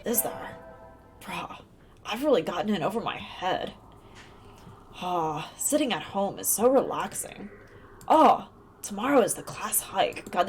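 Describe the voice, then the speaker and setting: Woman game streamer, chatty, giggly, lively intonation, faint music behind. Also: mid-range voice. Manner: chatty, giggly, reads game text aloud. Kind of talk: casual let's-play commentary.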